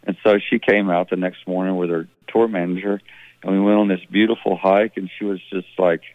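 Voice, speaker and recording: Male musician on a tinny phone line, low voice, rambling storyteller. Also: fairly quick, no echo. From Mississippi. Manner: rambling, relaxed, with many restarts. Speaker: musician guest. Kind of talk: phone interview, casual storytelling.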